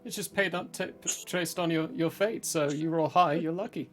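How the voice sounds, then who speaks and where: A man running a tabletop horror game as game master, calmly narrating and explaining the rules. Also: a little high, moderate pace, soft background music. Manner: calm, matter-of-fact rulings and narration.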